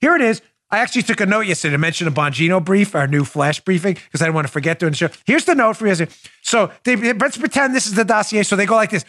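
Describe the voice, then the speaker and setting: A man's voice: high voice, no echo, clean studio sound. A man hosting a political talk show, mocking his targets with sarcasm and acted-out scenes. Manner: sarcastic, animated, acts out scenes.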